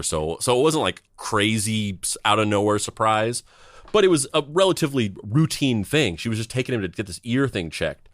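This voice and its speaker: A man's voice: lowish voice, animated, moderate pace, no room sound, studio quality. A man in his thirties, a podcast co-host, telling a story in a rambling, conversational way with a sardonic, blunt edge. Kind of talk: casual chat.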